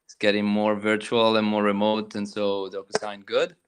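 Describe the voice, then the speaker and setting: A man's voice: on the low side, completely flat delivery, normal speed, smooth. A man in a casual voice chat, asking hesitant questions about trades, with lots of ums and self-deprecating asides.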